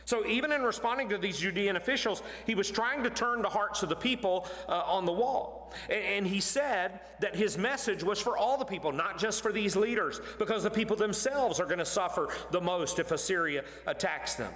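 A male preacher works through a scripture passage with animated, emphatic delivery. His voice sits a little high for a man and climbs further when he drives a point home. A long reverb from a large sanctuary trails behind every phrase. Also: normal speed, few pauses. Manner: animated, emphatic, rising in pitch to stress points. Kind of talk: expository sermon.

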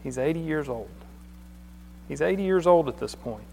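A man's voice: a little high, expressive, moderate pace, gravelly, a little mellow, slight background noise. Earnest man preaching in an echoey hall. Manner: conversational, repeats words, earnest. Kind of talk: sermon. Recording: long hall reverb.

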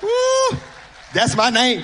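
High-voiced whooping Mississippi preacher man. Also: lively intonation, unhurried, some chatter behind, a little hiss or hum. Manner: rhythmic whooping preaching, shouts and sing-song cadences. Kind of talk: sermon. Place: church sanctuary.

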